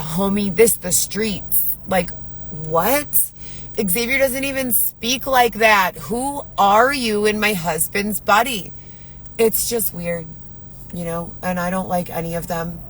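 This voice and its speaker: A woman's voice: fairly low pitch, slight background noise, low-quality recording. A woman ranting on a live video in a distressed, rambling way, swearing often. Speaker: livestreamer. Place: Chicago.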